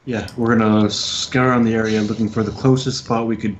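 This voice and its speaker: Low-voiced man planning a game move. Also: level tone, brisk, a crowd in the background. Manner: casual, rambling planning. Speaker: player. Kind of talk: tabletop game planning chat. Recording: dull lo-fi mic, faint noise.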